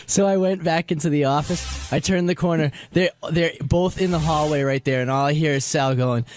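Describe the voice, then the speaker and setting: A man's voice: fairly high pitch, fairly even intonation, normal speed, slight background noise. A man on a radio show reporting back with a matter-of-fact update.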